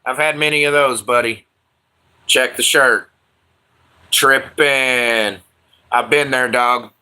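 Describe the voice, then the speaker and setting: Slow-talking man on a livestream. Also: mid-range voice, steady tone, bright, forceful tone, clear, resonant tone. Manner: loose, profane, slangy banter with viewers. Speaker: livestream host. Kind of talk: casual livestream chat.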